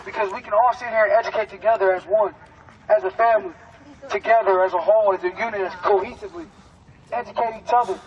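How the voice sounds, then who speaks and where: A man's voice: sits high, fairly even intonation, quick pace. A man organizing a protest, addressing a crowd in a park in an emphatic, streetwise, profane way. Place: outdoors in a park. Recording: muffled street recording.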